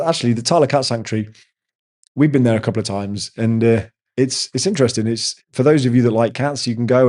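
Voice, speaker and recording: Chatty, mellow-voiced man. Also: mid-range voice. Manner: rambling, chatty storyteller. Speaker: host answering viewer chat. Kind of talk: casual live chat.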